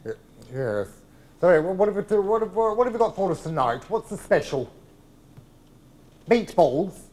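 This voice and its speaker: A man's voice: high-pitched, very animated, moderate pace, a little mellow. A man on a theatre stage impersonating a camp, drawling older male comedian, telling stories in a live one-man show. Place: large theatre, live audience.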